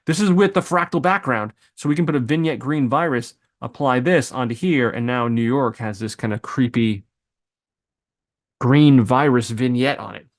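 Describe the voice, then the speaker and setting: A man teaching video editing software, thinking aloud as he clicks through presets, with loose asides and exclamations. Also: medium pitch, normal speed. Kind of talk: screen-recorded software tutorial.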